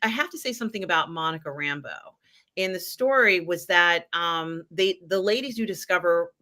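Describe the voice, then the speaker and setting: A woman's voice: fairly low pitch, expressive, moderate pace, bright, forceful tone. A woman hosting a live pop culture chat show, talking in a rambling, chatty way with many fillers. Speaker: host.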